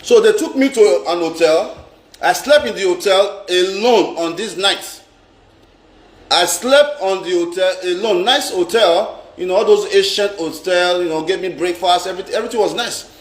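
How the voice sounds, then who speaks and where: A man's voice: high voice, normal speed. A middle-aged Nigerian man telling a personal story in a vlog. He talks dramatically, repeats lines for emphasis and mixes in Pidgin. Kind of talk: animated storytelling monologue. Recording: roomy echo.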